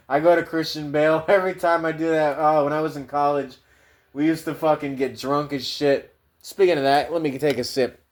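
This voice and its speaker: Man, podcast host, rambling monologue, lots of swearing, slightly high voice. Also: fairly even intonation, a little fast.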